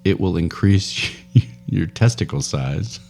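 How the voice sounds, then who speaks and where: A man's voice: deep voice, lively intonation, slow pace, creaky, a little mellow, soft background music. A man co-hosting a podcast, rambling through news stories in casual banter and laughing often. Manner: rambling, laughs often, trails off mid-sentence. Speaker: podcast co-host.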